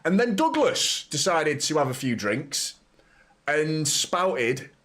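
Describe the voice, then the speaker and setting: A man's voice: fairly high pitch, sing-song, slow, a bit bright. A young man hosting a football watchalong live stream, chatting casually, reading out viewer comments and often stumbling over his words. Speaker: football channel host.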